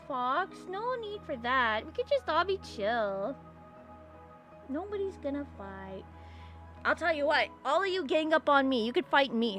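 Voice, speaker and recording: With a high-pitched voice, a young woman from California chats casually while she draws live for viewers. She rambles, giggles easily, and squeals suddenly when excited, all over faint music.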